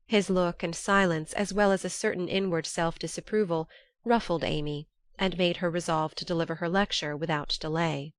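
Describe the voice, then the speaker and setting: A woman with a lowish voice reads a classic novel as an audiobook, keeping her scripted storytelling measured and even. The recording is dry.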